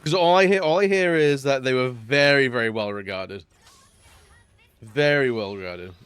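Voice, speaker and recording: A man's voice: medium pitch, normal speed, fairly bright tone, clear, resonant tone, dry recording. A man chatting casually during a live stream, rambling and laughing often between remarks. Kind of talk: casual live-stream chat while gaming.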